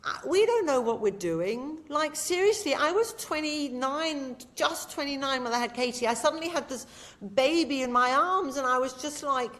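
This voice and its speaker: Lively mum telling stories. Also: female voice, high voice, normal speed. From England. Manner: animated, tells stories with acted-out quotes. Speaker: podcast guest, mother. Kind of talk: casual storytelling chat.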